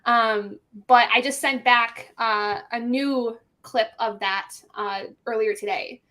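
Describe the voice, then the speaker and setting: A woman's voice: a little high, steady tone, slow pace, sharp tone. Giggly woman narrator, rambling. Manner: giggly, rambling, many "like" fillers. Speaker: audiobook narrator. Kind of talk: casual chat on a group video stream.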